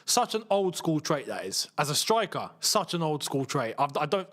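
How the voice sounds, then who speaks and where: A young man talks through a live football match for his viewers, using casual slang. His voice sits high and swings widely, and he bursts into yells whenever a chance goes begging. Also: a little slow, hardly any pauses. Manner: excitable, shouts at chances, chatty slang. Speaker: football channel host. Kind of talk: live match watchalong commentary.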